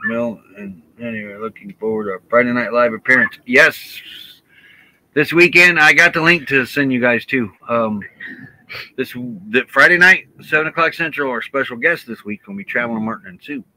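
Laid-back, bright-voiced man chatting outdoors. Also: mid-range voice, moderate pace, poor audio. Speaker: co-host of a travel live stream. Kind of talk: casual chat.

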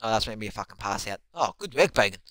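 A young man giving live commentary on his own basketball video game, excitable and swearing constantly as he yells at teammates. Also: lowish voice, racing, dry recording. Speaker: gamer.

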